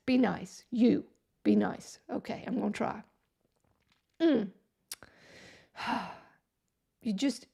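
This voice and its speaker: A woman's voice: on the high side, slow, gravelly, long pauses, dark tone, slightly rough. A woman hosting a casual live stream, sarcastic and exasperated, talking to herself as she works.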